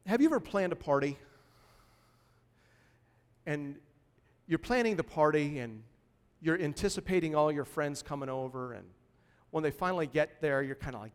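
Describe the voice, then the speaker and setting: A man pastor delivering a sermon in a lively, conversational way, punctuated by sudden emphatic bursts. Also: fairly high pitch, moderate pace, long pauses, clear, resonant tone, in a large hall.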